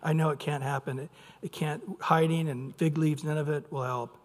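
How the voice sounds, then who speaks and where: A male pastor preaches in a fairly high voice, lively and expressive, dropping low and rising loud as he acts out his points. A long reverb trails his words, as in a large hall. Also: moderate pace. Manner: lively delivery, acting out quotes with shifting loudness. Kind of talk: sermon.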